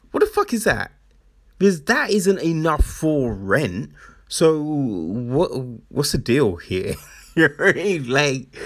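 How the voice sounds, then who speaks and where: A man ranting casually to camera, swearing freely as he tells exasperated stories. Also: on the high side.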